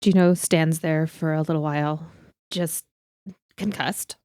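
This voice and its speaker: Brief: a measured, slow-speaking woman roleplaying her character. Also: low voice, steady tone, a little mellow, clear, resonant tone, no echo, studio quality. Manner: slow, thoughtful, laughs often. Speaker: player. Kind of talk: playing a character in a tabletop game.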